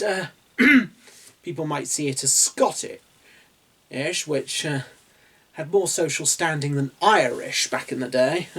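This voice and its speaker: A man with a posh English accent talks his way through a writing essay at an unhurried pace. He muses and digresses, adding asides and small chuckles as he goes. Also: on the high side, a bit bright, husky. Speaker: writing channel host. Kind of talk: reflective video essay.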